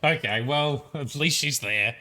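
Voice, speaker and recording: A man's voice: on the high side, pushed and bright. A young man with an Australian accent, casually commenting while playing a game, playful and chatty. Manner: chatty, playful, laughing often. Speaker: let's play host.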